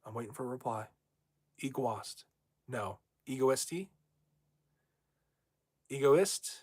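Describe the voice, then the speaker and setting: A man's voice: medium pitch, animated, unhurried, darkish tone, no echo. A young man hosting a casual livestream from home, brash and rambling as he reads viewer comments aloud. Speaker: livestream host.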